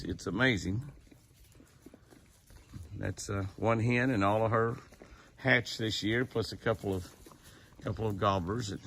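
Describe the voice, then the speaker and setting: A man's voice: fairly low pitch, vocal fry, fairly bright tone, slight background noise. A man hosting an outdoor ranch vlog, chatting easily, laughing often and cooing at the deer he feeds. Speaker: ranch owner and channel host. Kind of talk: casual outdoor vlog narration.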